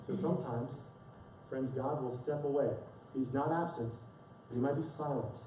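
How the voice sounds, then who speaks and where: A man's voice: medium pitch, steady tone, moderate pace, mellow, a little hiss or hum. Man preaching in an echoey church. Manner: earnest storytelling, repeats words when emotional. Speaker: pastor. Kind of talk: sermon. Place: church sanctuary. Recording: echoey distant church sound.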